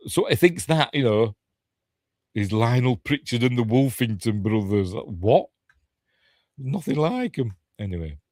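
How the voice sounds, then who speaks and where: Yorkshire man, lowish voice, dry close sound, chatty film commentary, thinks out loud. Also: no echo. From Yorkshire, England. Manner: rambling, thinks aloud, self-correcting. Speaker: film reviewer. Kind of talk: casual watch-along film commentary.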